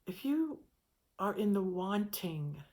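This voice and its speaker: A woman's voice: mid-range voice, big pitch swings, slow, dark tone. A woman giving an informal spiritual talk, speaking in a reflective, meandering way with frequent restarts.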